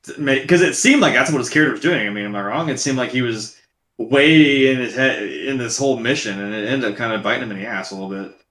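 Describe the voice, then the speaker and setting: Man, podcast co-host, fast talk, bright voice, profane, acts out reactions, roomy sound. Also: medium pitch. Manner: profane, animated, acts out his reactions in quotes. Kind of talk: casual movie review chat.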